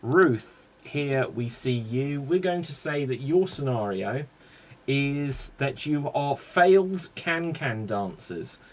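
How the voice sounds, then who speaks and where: A man's voice: mid-range voice, expressive, slow. A man with a British accent hosting a live improv comedy show, announcing scenes and explaining game rules in an upbeat way.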